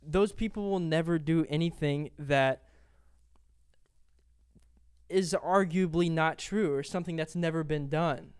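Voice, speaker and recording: A man's voice: fairly high pitch, unhurried, pauses often, clean tone, no room sound, studio quality. A man hosting a podcast, speaking in long, winding sentences full of fillers. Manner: rambling, many fillers and restarts. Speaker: podcast host. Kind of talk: casual interview.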